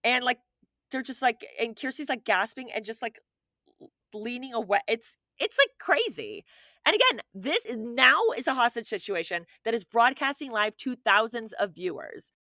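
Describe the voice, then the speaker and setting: A young adult woman co-hosting a podcast, recounting a true story in casual chat, animated and profane, peppered with "like" and acting out quoted people. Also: fairly high pitch, normal speed, dry recording, studio quality. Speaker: podcast co-host.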